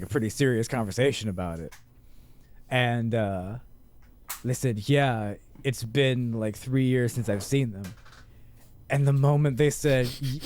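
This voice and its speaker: A man's voice: mid-range voice, slight background noise. A man in his late thirties, co-hosting a podcast, telling a story in casual chat with lots of swearing and laughing through his words. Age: late 30s. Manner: profane, self-mocking storyteller who laughs while talking. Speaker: podcast co-host.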